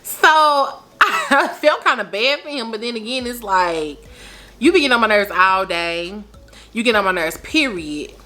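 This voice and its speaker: A young adult woman telling a story in casual, animated vlogger chat, her pitch swooping up for emphasis. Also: moderate pace, soft background music.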